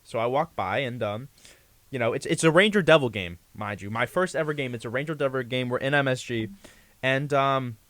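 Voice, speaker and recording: A man's voice: mid-range voice, fairly quick, a bit bright, no room sound. A young man, a guest on a talk show, casually telling a long story, full of fillers, restarts and "you know".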